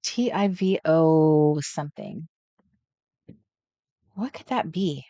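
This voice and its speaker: A woman's voice: low-pitched, lively intonation, takes it slowly, warm tone, dry recording, highs cut off. Chatty woman hosting a crafting livestream. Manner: chatty, muses aloud, greets viewers by name. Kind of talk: casual live chat while crafting. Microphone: desk setup with overhead camera.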